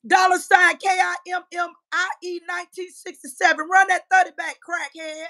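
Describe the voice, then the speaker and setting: Woman, 50s, high voice, combative profane livestream ranter. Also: flat delivery, moderate pace, sharp tone. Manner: profane, combative, trash-talking. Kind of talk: heated livestream rant.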